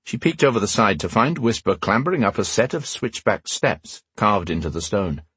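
A male narrator reading a fantasy story with expressive, measured delivery. His pitch moves a lot and his voice is husky. The sound is dry and close. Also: dry recording. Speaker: audiobook narrator. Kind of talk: scripted narration.

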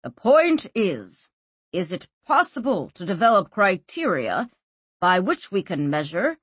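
Audiobook figure: a pompous, overdressed male deputy, slow and long-winded, swoopy pitch, read by a woman. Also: sing-song, husky, dry recording. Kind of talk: audiobook character voice.

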